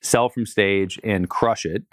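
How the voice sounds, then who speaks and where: A male podcast host with a low voice cuts in to recap and steer the guest's story. The sound is dry and close to the mic. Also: steady tone, slow, a bit bright, no echo. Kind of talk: interview podcast.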